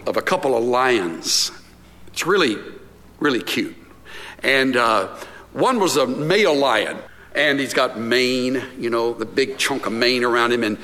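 Man, middle-aged pastor, conversational sermon, acts out stories, bright sharp tone, long hall echo. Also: mid-range voice. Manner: animated storytelling, acts out scenes. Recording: long reverb of a large hall.

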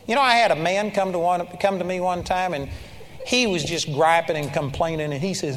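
Man, sermon, earnest exhorting storyteller, somewhat high pitch, reverberant hall. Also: brisk, a bit bright. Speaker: preacher.

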